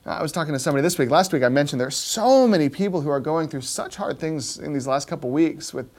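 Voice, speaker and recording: A pastor giving a conversational sermon, often checking in with his listeners and dropping quiet and slow on key points. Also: a little high, animated. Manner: keeps asking "right?" to the listeners; drops soft and slow on key points, rises sharply when stirred.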